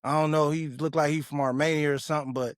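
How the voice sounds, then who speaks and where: A man's voice: fairly high pitch, quick pace, no room sound, clean studio sound. A man hosting his own podcast, telling a personal story in a casual, blunt way full of street slang and profanity. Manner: animated when retelling confrontations. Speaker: podcast host.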